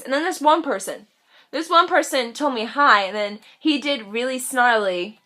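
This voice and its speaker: A woman's voice: sits high, lively intonation, moderate pace, bright, forceful tone. A teenage woman ranting in a casual vlog, chatty and sassy, full of "like" and playful mocking voices. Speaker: vlogger.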